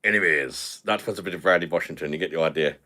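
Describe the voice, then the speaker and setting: A British man hosting a casual live stream, chatting in a relaxed, jokey way with his viewers. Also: low-pitched, fast, a little hiss or hum. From Britain.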